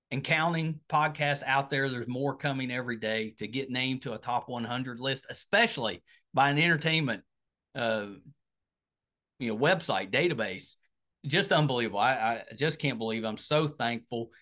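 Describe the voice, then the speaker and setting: A middle-aged man with a West Virginian accent, a podcast host talking casually through an outro and a pitch for support, rambling with lots of fillers and restarts. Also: moderate pace, sharp tone.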